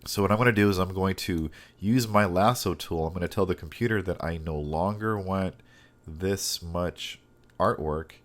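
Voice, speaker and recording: A man teaching a step-by-step digital comic drawing lesson, thinking aloud with frequent pauses and restarts. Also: sits low. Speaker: comic art instructor.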